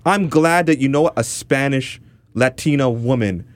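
A man's voice: medium pitch, normal speed, no echo. A man from Toronto, co-hosting a casual podcast and ranting passionately with lots of restarts. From Toronto, Canada. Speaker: podcast co-host.

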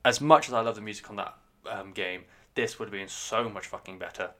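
A man's voice: fairly low pitch, a little fast, a bit bright. Sweary, rambling man reviewing music. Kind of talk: casual spoken album review.

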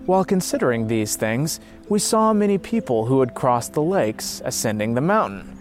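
A man telling a story in steady, earnest scripted narration. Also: mid-range voice, normal speed, hardly any pauses, soft background music.

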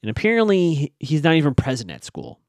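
A man talks through a show's plot in a loose, chatty way, full of asides to his listeners. His pitch swings up and down a lot. The sound is dry and close, with no room echo. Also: wildly swooping pitch, quick pace, darkish tone. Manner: chatty, asides to the audience, frequent fillers. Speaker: show recap host. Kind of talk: casual episode recap.

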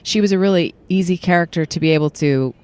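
A woman voice actress chatting casually in an interview, animated and full of fillers and restarts. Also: fairly low pitch, fast talker, clear, resonant tone. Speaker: voice actress guest. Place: parking lot.

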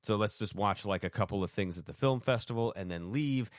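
A man's voice: fairly low pitch, fairly quick, no room sound, studio quality. A man co-hosting a podcast, telling a story in casual chat, full of fillers and acted-out quotes. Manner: rambling storyteller, acts out quotes, many fillers. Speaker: podcast co-host.

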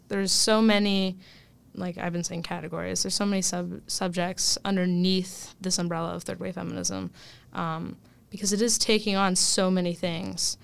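Young adult woman, casual interviewee, smooth yet gravelly tone, lots of fillers and laughter. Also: on the low side. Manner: chatty, many fillers and laughs, animated. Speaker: student guest.

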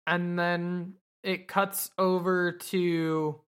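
A woman's voice: on the low side, level tone, drawn-out words, smooth. A woman podcast host casually recapping an anime episode, rambling and swearing with lots of fillers.

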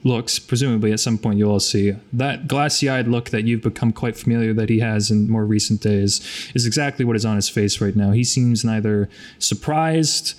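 A man narrating a tabletop role-playing game as game master, halting and repeating words often. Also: on the low side, fairly even intonation, darkish tone.

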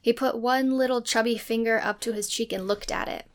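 A woman reading a novel aloud in steady storytelling narration. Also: a little high, fairly quick. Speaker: reader and co-host.

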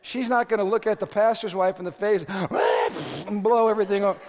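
Middle-aged male pastor, high tenor, animated sermon storyteller, reverberant hall sound. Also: moderate pace. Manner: animated storytelling with shouted asides. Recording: echoey hall recording.

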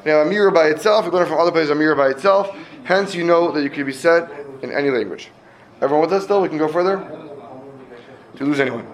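A man's voice: on the high side, fast talker. A man teaching a classroom Talmud lesson, explaining step by step and checking in with students often.

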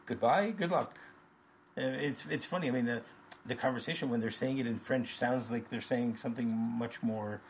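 A man's voice: mid-range voice, fairly even intonation, a little hiss or hum. A man hosting a podcast, chatting casually through a film scene and playfully acting out the characters' lines. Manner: playful, quick to act out lines in put-on voices and laugh. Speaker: podcast host.

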